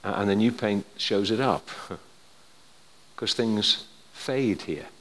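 An older man gives a sermon from the pulpit. He tells stories in a chatty way, sinking to near-quiet asides and then rising to firm emphasis. His fairly low voice rings out with the long reverb of a large hall. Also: slow. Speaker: preacher.

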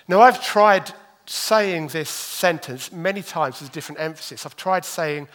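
Male preacher, higher-pitched, animated and self-deprecating, deliberate scripture reading. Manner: animated, self-deprecating, moves his arms as he talks; reads scripture slowly and deliberately. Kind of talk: sermon.

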